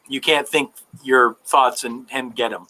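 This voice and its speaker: A man running a tabletop game as game master, narrating in a relaxed way with many fillers. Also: mid-range voice, measured pace, rough recording.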